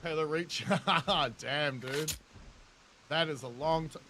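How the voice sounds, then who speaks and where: A man's voice: on the high side, slow pace, bright, forceful tone, a little hiss or hum. A man in his thirties with a New Zealand accent, chatting with viewers in casual, jokey gameplay commentary, laughing often and swearing freely. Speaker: game streamer.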